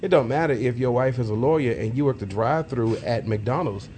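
A man's voice: medium pitch, fairly quick, darkish tone, a little hiss or hum. A man co-hosting a podcast in casual chat, reflective and a little preachy as he gives advice. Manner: preachy, reflective, many fillers.

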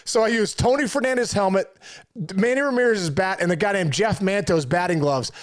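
A middle-aged man, a former pro ballplayer, telling a heartfelt story in conversation, animated, with lots of fillers and restarts. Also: sits high, brisk. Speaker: former pro baseball player, guest.

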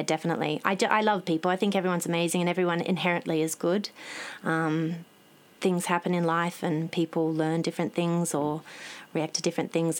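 Earnest woman in her thirties, low-voiced. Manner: earnest, passionate, rambling restarts. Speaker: guest author and nutritionist. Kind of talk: casual interview chat.

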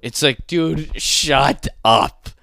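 A man's voice: a little high, drawn-out words, vocal fry, no room sound. Young man, comedian, loose profane rant, mocking voices, dry close sound. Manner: animated, profane, mocking impressions.

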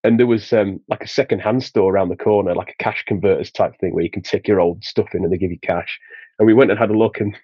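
A man's voice: on the low side, fairly even intonation, fast talker, husky, dry recording, lo-fi sound. A man from Sheffield with a Yorkshire accent, chatting as a podcast guest and telling anecdotes with a laugh. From England, Sheffield. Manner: chatty, laughs through his anecdotes, many restarts. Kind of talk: casual storytelling.

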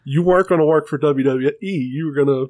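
Male podcast co-host, raised pitch, dry booth sound, animated swearing storyteller. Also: fast, no echo. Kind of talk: casual chat.

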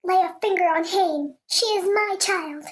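A woman's voice: very high-pitched, measured pace, roomy sound, pitched above the performer's own voice. A woman voicing a frightened, defiant young mother who speaks in a pleading, defiant way. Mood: desperate.

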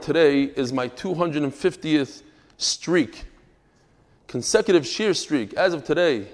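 A man teaching a daily Talmud class as a rabbi, telling stories and explaining texts in an animated, emphatic way with quick asides. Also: fairly high pitch, in a large hall. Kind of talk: lively storytelling and teaching.

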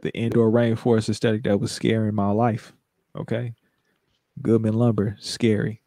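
A man's voice: fairly low pitch, little pitch movement, moderate pace, mellow. Guy cracking jokes in slang, casual chat, no room echo. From San Francisco. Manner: joking, slangy storyteller.

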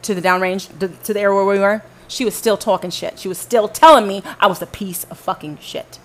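Speaking a little fast with fairly even intonation and a medium pitch, a woman from the American South delivers a furious, foul-mouthed account of her own story, often turning directly to her listeners to confront them. There's slight background noise.

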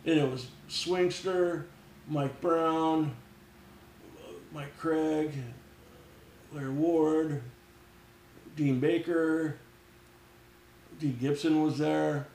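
Profane storytelling man, slightly high voice. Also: extremely slow, pauses often, slight background noise. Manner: profane, animated, acts out quoted voices. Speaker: podcast guest, former mechanic. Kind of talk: casual storytelling. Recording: roomy echo.

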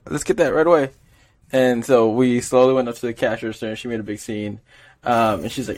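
A man's voice: medium pitch, brisk, darkish tone. Rambling young man telling a story. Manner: rambling storyteller, laughs often, many fillers. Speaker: podcast co-host. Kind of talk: casual podcast chat.

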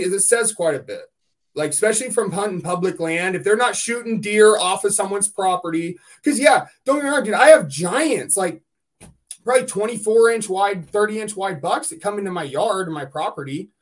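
High-voiced man telling hunting stories. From California. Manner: animated storyteller, swears freely. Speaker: podcast host. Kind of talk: casual chat.

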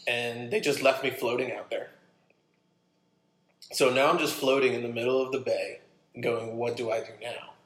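A man's voice: medium pitch, normal speed, pauses often. Roomy-sounding man telling a story. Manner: animated, acts out his own quotes. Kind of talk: casual storytelling. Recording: roomy echo.

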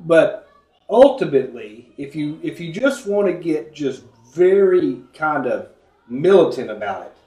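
A man leads a Bible study in an earnest, conversational way, pausing often to cough and clear his throat. His voice sits a little high, and the room adds a noticeable echo. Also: sing-song, mellow. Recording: echoey room.

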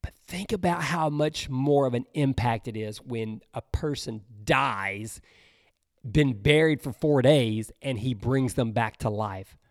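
A man delivers a sermon, reading scripture with slow drama before slipping into casual, conversational comments. His voice is medium in pitch, and the recording is dry and studio quality.

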